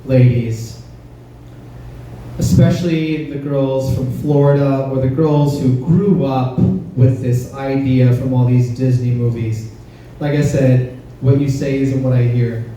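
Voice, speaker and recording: A man's voice: medium pitch, steady tone, slow, mellow. Man doing stand-up in an echoey club. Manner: conversational, crowd-teasing, punchy delivery. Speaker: stand-up comedian. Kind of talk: stand-up comedy set. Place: comedy club stage. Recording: roomy, distant club recording with faint noise.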